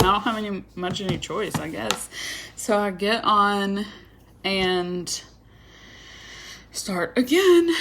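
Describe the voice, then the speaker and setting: A young woman tells a story the casual way, chatting along with plenty of drama. Her pitch sits in an ordinary middle range for a woman. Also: a bit bright. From Georgia, USA. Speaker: vlogger.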